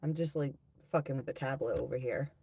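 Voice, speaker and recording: A woman's voice: very deep voice, fairly quick, mellow, slightly rough. A woman hosting a live tarot-reading stream, chatting casually with viewers, reading out their comments and swearing freely.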